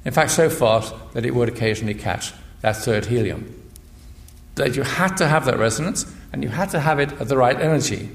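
An older man, a physicist and priest, giving a measured public lecture that explains things step by step. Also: medium pitch, animated, creaky. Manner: measured, explanatory, with frequent restarts. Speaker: guest speaker, physicist and priest. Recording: echoey lecture hall.

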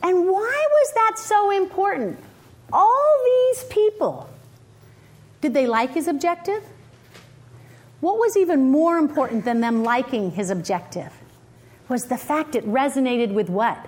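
This middle-aged woman's voice sits high and unhurried as she gives a motivational leadership talk. Her animated storytelling includes laughter and acted quotes, and she puts questions to her audience.

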